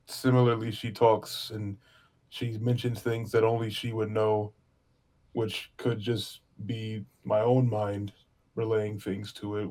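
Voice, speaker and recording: A man playing a grieving adventurer who speaks haltingly, searching for words. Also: on the low side, darkish tone. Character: grieving young adventurer haunted by a lost friend.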